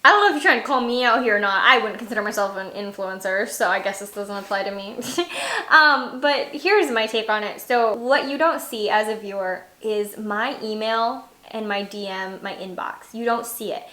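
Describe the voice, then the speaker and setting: A young adult woman hosts her channel in a casual chat, speaking at normal speed in a mid-range voice that's pushed and bright, in an echoey room. She tells stories chattily, with frequent laughter and lots of fillers.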